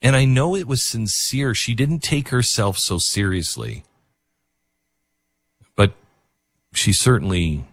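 A man's voice: low voice, husky, no room sound. A man hosting a talk radio show, rambling in casual commentary with many fillers and restarts.

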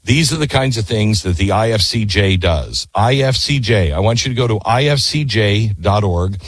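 A middle-aged talk radio host tells a story animatedly, with sudden high exclamations, and also reads ads. He speaks at a moderate pace in a slightly rough voice, with no echo.

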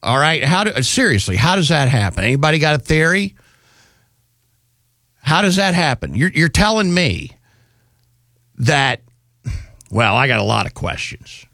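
A man's voice: fairly high pitch, very animated, moderate pace, pauses often, sharp tone, no echo. A male radio talk show host delivering an indignant, rambling, sarcastic opinion monologue on a studio microphone.

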